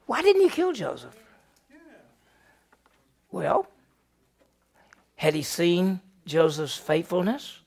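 Gravelly-voiced pastor teaching a Bible class. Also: male voice, high voice, takes it slowly, long pauses. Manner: animated, fires questions at the class and answers them. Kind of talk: Bible study lesson.

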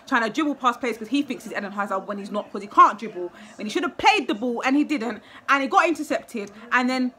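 A woman's voice: a little high, expressive, fast talker, few pauses, sharp tone. A young woman, a football fan giving a live, emotional match reaction full of exclamations and repeated phrases.

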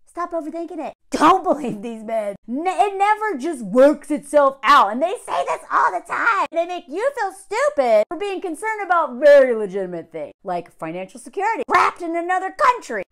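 High, lively sarcastic woman reviewer. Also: normal speed, few pauses. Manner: sarcastic, blunt, animated, laughs often. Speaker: movie reviewer. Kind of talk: casual commentary vlog.

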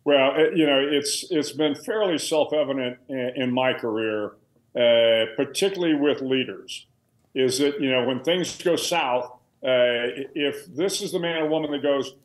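A man's voice: mid-range voice, unhurried, roomy sound, rough recording. A man in his sixties, a retired admiral and author, telling stories in a conversational way with restarts and fillers on a video call. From United States. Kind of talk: candid storytelling interview. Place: home room with a billiards table.

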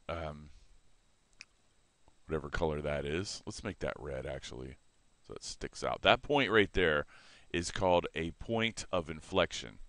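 A man teaching a math lesson in a relaxed way, correcting himself and explaining as he sketches on a board. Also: sits low, no room sound.

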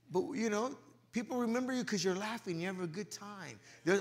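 Lively, gravelly-voiced male pastor preaching. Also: moderate pace, long pauses. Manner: lively, joking, slips into everyday slang; swings from loud preaching to low muttered asides. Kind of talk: sermon.

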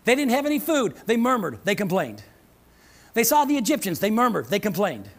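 Preaching a sermon at a church service, a woman pastor speaks emphatically, repeating key phrases and calling out to the congregation for a response. She tosses in playful asides with a chuckle. Her medium-pitched voice has a sing-song lilt and runs a little fast.

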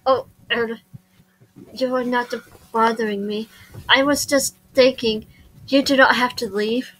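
A woman's voice: on the high side, steady tone, measured pace, fairly bright tone, breathy edge, low-quality recording. A woman voicing a shy, formal young man who speaks hesitantly in a dating game.

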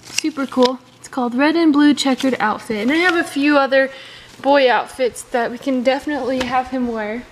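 A woman's voice: sits high, normal speed, a little hiss or hum, poor audio. A woman chatting casually and enthusiastically about her doll purchases. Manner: enthusiastic, chatty, many fillers. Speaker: doll collector vlogger. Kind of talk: casual chat.

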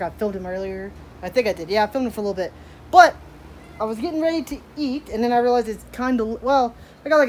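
Fast-talking woman vlogger, rambling chat. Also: mid-range voice, slight background noise. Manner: rambling, chatty, talks to her pets. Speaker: daily vlogger. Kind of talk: casual vlog chat. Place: rural home and garden.

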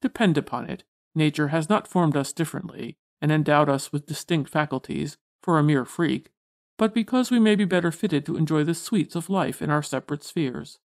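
A frail but dignified old male butterfly from a storybook, speaking in a solemn, formal manner, voiced by a woman reading aloud. His speech is measured and proper, like an elder giving counsel. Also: low voice.

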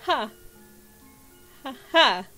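A doting, playful goat mother, put on by a woman reading a video game aloud. Her voice sits a touch high and moves slowly and tenderly, with faint game music underneath. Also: expressive, pushed and bright, heavily acted. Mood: teasing. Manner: sweet, playful teasing. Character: gentle motherly goat queen, doting and pun-loving.

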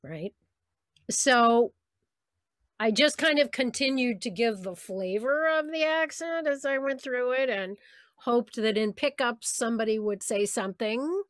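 A woman voice actress chatting on a video call, telling lively stories about her work and slipping into the voices of people she quotes. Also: fairly high pitch, measured pace, no room sound, studio quality. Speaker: voice actress guest. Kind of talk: casual interview on a video call.

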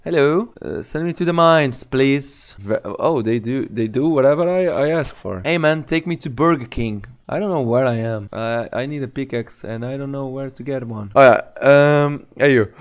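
Man, gameplay commentary, excitable, profane, mocking, mid pitch. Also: moderate pace. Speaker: gamer.

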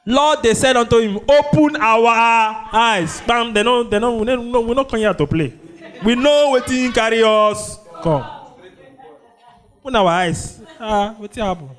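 Nigerian pastor preaching with call-and-response. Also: male voice, extremely high pitch, moderate pace, soft background music. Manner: call-and-response preaching, prompting the congregation with "what?". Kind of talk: sermon.

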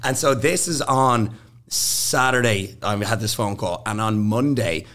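With a lowish, unhurried voice, a young male podcast guest shares stories casually. He laughs often and performs other people's lines in put-on voices as he goes.

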